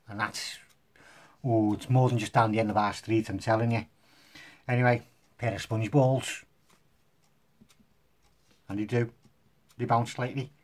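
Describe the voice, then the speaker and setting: A man's voice: fairly low pitch, a little mellow. Jokey man doing magic tricks. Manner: jokey, self-mocking, rambling. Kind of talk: casual magic demonstration to camera.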